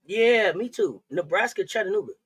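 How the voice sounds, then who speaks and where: A woman's voice: medium pitch, animated, moderate pace, breathy edge. A woman co-hosting a casual live stream, giggling, laughing through her words and repeating phrases. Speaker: co-host.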